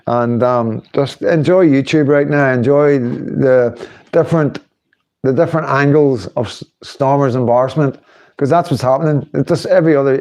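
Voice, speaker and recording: A man's voice: fairly high pitch, dark tone. A middle-aged man, hosting a casual livestream, chatting and laughing while he mocks politicians. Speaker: livestream host.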